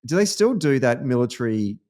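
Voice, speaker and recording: Animated Australian man telling stories. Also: mid-range voice, fairly quick. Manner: animated storyteller, lively anecdotes. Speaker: podcast host. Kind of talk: casual political chat.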